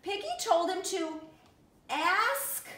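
A woman's voice: very high voice, animated, slow, bright, forceful tone, echoey room. A woman teaching young children, speaking in an encouraging way and addressing them as friends. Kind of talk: children's lesson and story reading.

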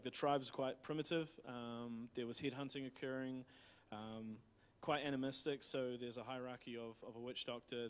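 A man with a New Zealand accent retelling a missionary's story in a church talk, rambling with many fillers and restarts. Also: medium pitch. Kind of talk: casual sermon storytelling.

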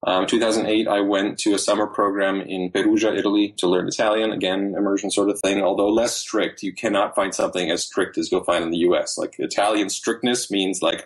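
A man in his thirties, a podcast guest, telling his story in animated casual chat with quick asides. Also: lowish voice.

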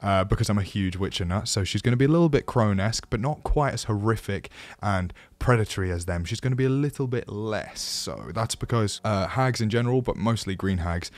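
A man's voice: on the low side, animated, brisk, hardly any pauses, dry recording. A man hosting a casual voice-acting tutorial, chatty, enthusiastic and self-deprecating. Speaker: host of a voice-acting channel.

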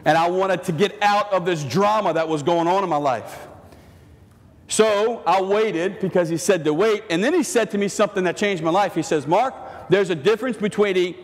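A male priest preaching a sermon in an animated, joking way, acting out the voices he quotes. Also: sits high, moderate pace. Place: church. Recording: long church reverb.

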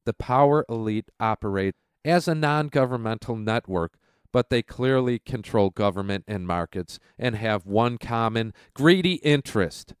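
A man's voice: lowish voice, clear, resonant tone, no echo, clean studio sound. Stuffy-voiced male radio host ranting. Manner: heated, sarcastic ranting. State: stuffy, congested from a cold. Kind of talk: political commentary rant. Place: at home.

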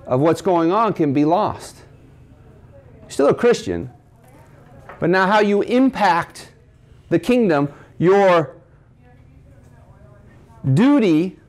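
A man's voice: a little high, a little mellow. A man preaching to a men's group at a breakfast, asking the listeners questions and quoting scripture. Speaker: speaker at a men's ministry breakfast. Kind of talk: sermon. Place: cafe.

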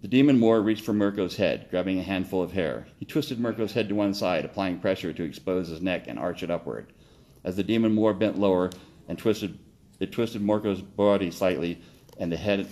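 Low-pitched guy reading his own story, steady, corrects himself now and then. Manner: steady reading with occasional slips and self-corrections.

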